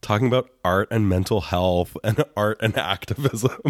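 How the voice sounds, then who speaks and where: Raspy sick man with vocal fry. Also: on the low side, moderate pace, no echo, studio quality. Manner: joking, laughs often. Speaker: podcast co-host. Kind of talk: casual podcast chat.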